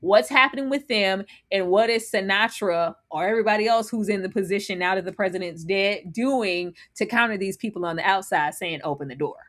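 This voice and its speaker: Animated woman recapping a TV episode. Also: mid-range voice, a little fast, few pauses. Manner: animated, laughs often, acts out reactions. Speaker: co-host. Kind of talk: casual TV recap chat.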